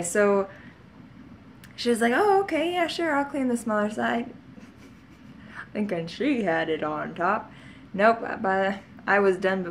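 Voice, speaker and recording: A woman vlogger tells childhood stories to the camera in a casual, meandering way, laughing often and adding asides. Her voice is medium-pitched and creaky, with slight background noise.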